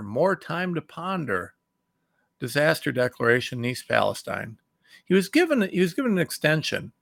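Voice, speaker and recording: A middle-aged man from Ohio hosting his own talk show, giving heated, indignant commentary that swings between loud outbursts and low muttering. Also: creaky, no room sound, clean studio sound. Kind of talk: impassioned political commentary.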